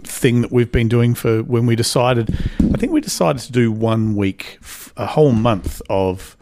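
A man's voice: medium pitch, expressive, normal speed, background noise. A man co-hosting community radio, laid-back and agreeable, chatting casually and tossing in short replies. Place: radio studio.

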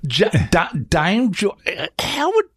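A man's voice: high voice, huge pitch swings, slow pace, fairly bright tone, slightly rough. A male radio host chatting casually in the studio, often rambling and tripping over his words.

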